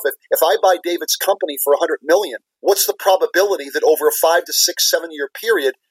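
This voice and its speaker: Man, podcast guest, earnest and explanatory, husky, dry close sound. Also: a little high, no echo, low-quality recording. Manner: earnest, explanatory, repeats key words for emphasis. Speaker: guest, business leader and former CFO. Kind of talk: podcast interview answers.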